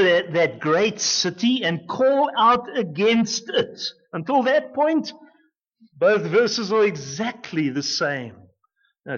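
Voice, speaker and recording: Slow, emphatic preacher man, lively pitch. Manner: emphatic, with dramatic swings between loud and hushed. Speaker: pastor. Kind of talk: expository sermon. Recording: dull lo-fi recording.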